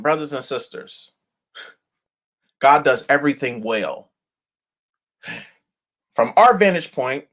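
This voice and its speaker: Animated, higher-voiced male pastor. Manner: animated storyteller, colloquial and emphatic. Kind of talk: daily devotional sermon.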